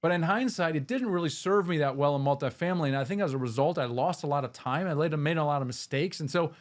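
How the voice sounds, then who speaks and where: Male interview host, quick, eager delivery, slightly higher voice, frequent restarts. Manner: enthusiastic, restarts phrases often. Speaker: podcast host. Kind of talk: interview conversation.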